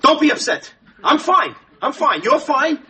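In sitcom acting, a male actor plays a frantic young husband whose wife is in labor, stammering and tripping over his words. He uses an exaggerated, very high, expressive voice that is pushed and bright, at a moderate pace. The broadcast is noisy, with a studio audience laughing.

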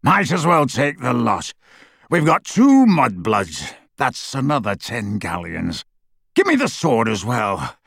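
A man's voice: medium pitch, wildly swooping pitch, takes it slowly, a bit bright, dry recording, studio quality, full character voice. A man voicing a menacing, brutish male werewolf thug who growls and snarls his words. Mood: gruff. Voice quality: gravelly, husky. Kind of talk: audiobook character voice.

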